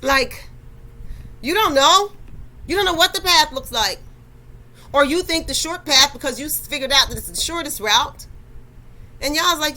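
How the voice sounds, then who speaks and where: A woman's voice: sits high, animated, normal speed, pauses often, pushed and bright, poor audio. A woman hosting a faith talk, addressing listeners directly in a conversational, preachy way. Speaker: podcast host.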